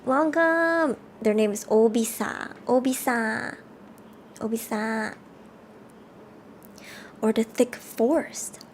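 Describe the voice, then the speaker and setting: A woman live-streaming a game, reading the story text aloud and chatting with viewers in an animated way. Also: on the high side, slow, pauses often, a little hiss or hum. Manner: animated, chatty, reads narration aloud between chat replies.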